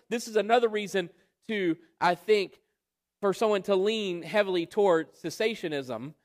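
Male preacher, high voice, emphatic expository style, long hall reverb. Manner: emphatic, rhetorical questions, drawn-out stresses. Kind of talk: expository Bible sermon.

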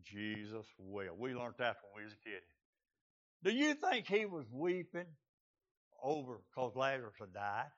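A man preaching a fiery, folksy storytelling sermon, filling pauses with "uh" and shouts of praise. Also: mid-range voice, wildly swooping pitch. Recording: slightly muffled lo-fi recording.

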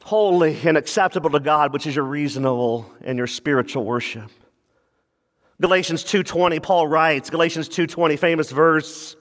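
A male pastor delivers a lively sermon, jumping into quick mock voices and joking asides. His voice sits rather high for a man. The sound carries a long reverb, like a big hall.

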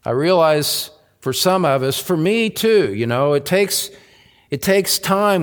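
A male pastor delivers a sermon at an unhurried, measured pace, repeating his key phrases for weight. His voice sits a little high. The sound carries the long reverb of a church hall. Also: animated. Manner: slow, deliberate preaching with emphatic repetition.

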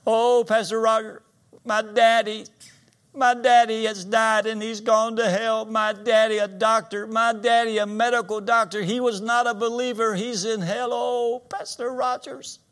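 A man voicing a sobbing, distraught grieving daughter in a high, wailing voice during a sermon. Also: flat delivery, measured pace, a bit bright. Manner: wailing, high-pitched and tearful.

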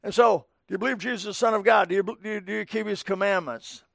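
High-voiced man preaching in folksy style. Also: fairly even intonation, fast, gravelly, dry recording, clean studio sound. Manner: folksy, conversational preaching with asides to the congregation. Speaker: pastor. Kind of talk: sermon. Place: church sanctuary.

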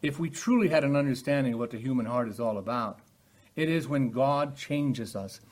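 An older man delivers Bible teaching in a sermon style. His voice is husky, and his delivery is earnest, shifting between calm explanation and loud, pressing emphasis. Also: medium pitch, brisk.

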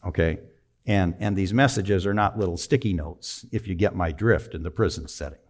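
A man in his sixties telling a personal story in a sermon, conversational and emphatic, with sudden drops to a low, quiet voice. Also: normal speed. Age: 60s. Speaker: preacher.

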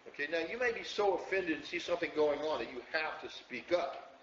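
A man's voice: fairly high pitch, lively intonation, brisk, recorded from a distance, slight background noise. A man preaching a conversational sermon as a pastor to a small congregation, often checking in with "okay?". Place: church hall, room with congregation. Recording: echoey lo-fi room recording from afar.

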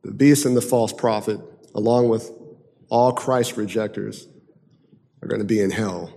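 A man preaching a sermon emphatically, moving from loud declaiming to hushed, intense passages. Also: fairly low pitch, fairly even intonation, a little slow, vocal fry. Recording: long hall reverb.

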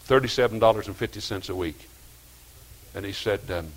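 Older man, pastor, folksy sermon storytelling, quiet asides and loud preaching. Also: lowish voice, brisk.

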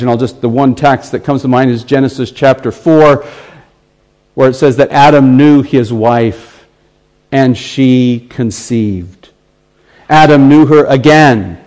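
An American man preaching a sermon, earnest, slowing right down when he quotes scripture. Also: mid-range voice, darkish tone, poor audio. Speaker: pastor.

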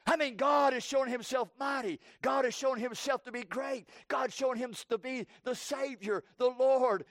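A man preaching a sermon with fervor, swinging between loud cries and hushed tones and repeating his phrases for emphasis. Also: extremely high pitch, normal speed, hardly any pauses, no room sound, clean studio sound.

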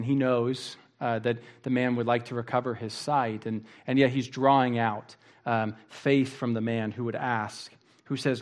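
A man preaching a sermon in a thoughtful, earnest way, often restarting phrases and dropping to a hushed tone for quotations. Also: medium pitch. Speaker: pastor.

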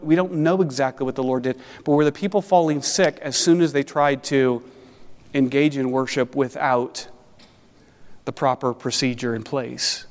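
A man preaching an expository sermon as pastor, animated and conversational with wry asides. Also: medium pitch, normal speed, big-room sound.

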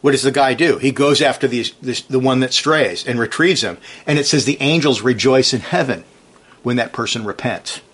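A man delivers a sermon with earnest emphasis, hammering his points home through short, repeated commands and reading scripture slowly as the stress builds. His voice is medium in pitch, somewhat bright, with a breathy edge.

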